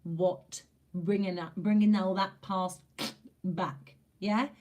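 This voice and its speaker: A woman's voice: medium pitch, steady tone, takes it slowly, a little mellow. Chatty woman giving a tarot reading. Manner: chatty, emphatic, repeats phrases for emphasis; informal, with mild swearing. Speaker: tarot reader. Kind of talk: casual tarot reading to camera.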